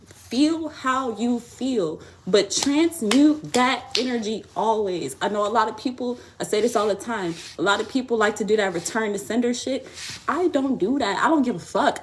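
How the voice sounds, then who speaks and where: A woman tarot reader talking on a live stream, blunt, profane and preachy. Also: on the high side. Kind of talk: live tarot reading chat.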